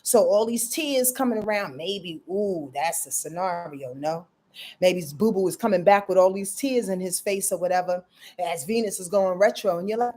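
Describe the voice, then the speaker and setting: A woman's voice: mid-range voice, expressive, moderate pace, dark tone. A woman hosting a casual astrology forecast, brash and profane, playfully acting out quotes. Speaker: astrologer host.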